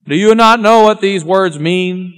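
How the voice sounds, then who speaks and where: A man preaching a solemn sermon, grave and intense, often dropping to a hushed voice. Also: high-pitched, unhurried, clean tone. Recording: long church reverb with faint music.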